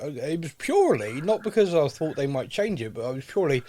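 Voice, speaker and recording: A male podcast host with a voice of ordinary pitch, chatting casually with a co-host. He rambles, jokes and often turns to thank and address his listeners. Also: animated, a little fast, few pauses, a little mellow. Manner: jokey, rambling, talks to listeners directly.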